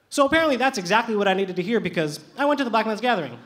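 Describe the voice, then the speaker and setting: A young man telling a true personal story live on a stage, lively and animated with comic timing. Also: high voice, rapid-fire, hardly any pauses. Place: theater stage with audience.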